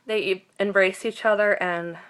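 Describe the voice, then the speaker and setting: A woman's voice: medium pitch, fairly even intonation, moderate pace, a bit bright, smooth. A woman giving a casual vlog recap of a TV episode, emotional and gushing, with many fillers and restarts. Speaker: TV recap vlogger.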